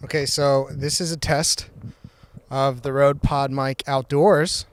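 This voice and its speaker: A man's voice: mid-range voice, steady tone, takes it slowly, noisy background. A man hosting a microphone review vlog, talking offhand and chatty into a close podcast mic and reading test phrases aloud. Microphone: podcast microphone close to the mouth.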